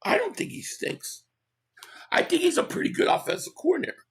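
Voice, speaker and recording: A man hosting a casual live stream, hoarse from losing his voice, who reads out viewer comments and gives blunt opinions. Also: very high voice, big pitch swings. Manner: opinionated, quick agreement with viewers.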